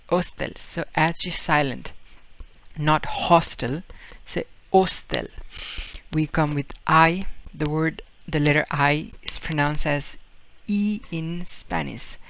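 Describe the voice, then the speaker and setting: A man's voice: on the high side, vocal fry, a bit bright. A man giving a casual video language lesson, explaining with fillers and repeating example words as he acts them out. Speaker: Spanish teacher.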